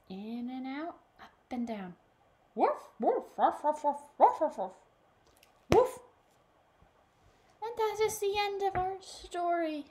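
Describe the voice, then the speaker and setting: Lively librarian reading a picture book. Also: female voice, high voice. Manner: animated, talks to a child listener. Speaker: children's librarian.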